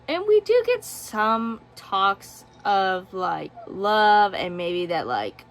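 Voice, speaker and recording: A woman's voice: medium pitch, sing-song, slow. A woman giving a casual book review, sarcastic and exasperated.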